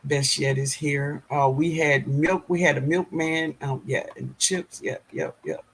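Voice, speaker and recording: A man's voice: fairly high pitch, steady tone, measured pace, a bit bright, breathy edge. A middle-aged man hosting a live gardening stream, reading the chat aloud and greeting viewers by name, laughing often.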